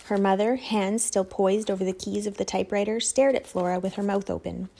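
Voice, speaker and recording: A woman narrating an audiobook in an expressive storytelling manner. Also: mid-range voice, a little fast, vocal fry.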